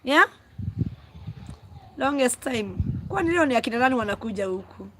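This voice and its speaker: A Kenyan woman hosting a casual live stream, talking loudly and exclaiming as she answers her viewers. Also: fairly high pitch, lively intonation, moderate pace, a little hiss or hum, poor audio. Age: adult, mother of school-age children. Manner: loud, exclaiming, calls herself a screamer.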